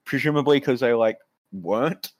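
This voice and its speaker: A man's voice: mid-range voice, normal speed, no echo. A man in casual podcast chat, making dry, sarcastic jokes and swearing freely. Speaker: podcast co-host.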